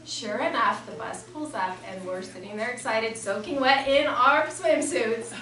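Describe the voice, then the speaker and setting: A woman telling a story at a memorial service, lively and then tender. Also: fairly high pitch. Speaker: family member giving a eulogy. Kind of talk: personal memorial speech. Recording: echoey, distant and noisy.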